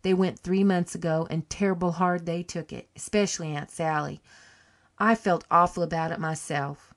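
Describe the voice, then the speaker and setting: A woman reading an audiobook, voicing a cheery, warm-hearted country farm wife with a folksy rustic dialect. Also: lowish voice, steady tone, normal speed, lightly acted. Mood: sorrowful.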